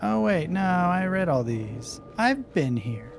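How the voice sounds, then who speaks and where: A man streams a game live and talks through it in a casual, wry, chatty way, answering viewers as he plays. His voice sits a little high, with faint music underneath. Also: big pitch swings, takes it slowly, vocal fry. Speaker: streamer host. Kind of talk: live gameplay commentary.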